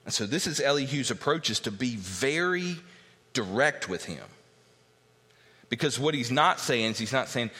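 A pastor teaching a verse-by-verse sermon, emphatic and repetitive, reading scripture aloud. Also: male voice, medium pitch, expressive, moderate pace, bright, forceful tone. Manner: emphatic teaching, repeats key points, reads scripture aloud. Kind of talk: expository sermon. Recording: long reverb of a large hall.

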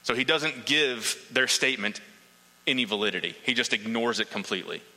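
A man's voice: mid-range voice, fairly quick, bright, forceful tone, long reverb tail, rough recording. A man preaching a sermon, earnest and emphatic, building points through repetition.

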